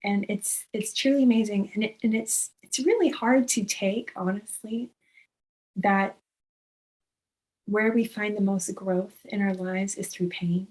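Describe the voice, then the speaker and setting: A woman hosting an interview who responds to her guest in a reflective way. She speaks slowly, at a middle pitch. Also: fairly even intonation, a little mellow, poor audio. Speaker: host. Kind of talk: casual interview chat.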